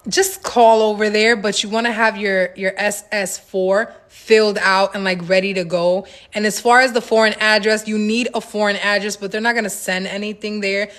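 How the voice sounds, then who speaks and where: A woman chats on a phone-recorded live stream, her pitch in the middle of the range. She tells stories in a loose, animated way, full of slang, and answers viewer questions in a casual tone. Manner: chatty, animated storytelling with slang and laughs. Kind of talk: casual livestream Q&A chat.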